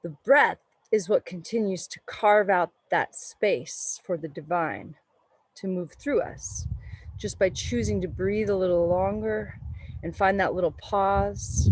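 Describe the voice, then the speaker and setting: A woman yoga teacher giving slow, soothing, meditative guidance during a class in a studio. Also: mid-range voice, darkish tone, poor audio. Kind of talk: guided yoga class instruction.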